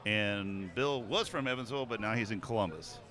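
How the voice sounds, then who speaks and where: A man's voice: fairly low pitch, fairly quick, bright, forceful tone, soft background music. A man from southern Indiana, a podcast interviewer, chatting in an easygoing way outdoors. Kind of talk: casual interview chat.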